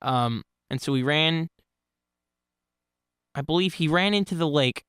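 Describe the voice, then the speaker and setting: A man's voice: a little high, unhurried, fairly bright tone, clear, resonant tone, no echo, clean studio sound. A man telling personal stories in a casual, rambling way, often restarting and correcting himself. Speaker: channel host telling stories. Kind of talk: casual spoken storytelling.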